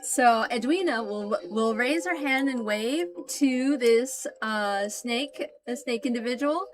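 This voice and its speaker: A woman's voice: a little high, slow. Chatty woman streamer reading chat. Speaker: streamer and game narrator. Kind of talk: live-stream chat and tabletop-style narration.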